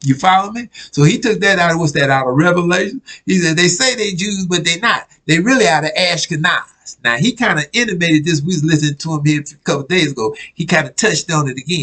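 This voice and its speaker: A man's voice: on the high side, fast, hardly any pauses, a bit bright, low-quality recording. A man preaching a casual sermon, reading news clippings aloud and often asking if listeners follow him. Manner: conversational, keeps asking "you follow me?"; repeats himself, restarts words.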